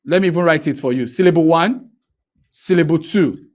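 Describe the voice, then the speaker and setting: A Nigerian man with a slightly high, darkish voice teaches an English grammar lesson in a classroom. He writes on a board, stretches out key words for emphasis, and keeps firing questions at his students.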